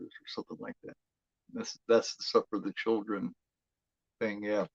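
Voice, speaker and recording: A man's voice: on the low side, flat delivery, unhurried, no echo, muffled recording. A man hosting a horror film watch-along, chatting in a rambling, profane way, full of "you know" fillers. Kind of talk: casual live commentary.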